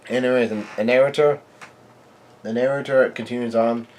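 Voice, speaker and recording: A man at a mid-range pitch, reading a comic chapter aloud as a live reaction. His delivery is halting, full of ums and restarts as he works through each panel. He speaks as the host of his own channel. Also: fairly even intonation, a little mellow, slight background noise. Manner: halting, with frequent fillers and restarts.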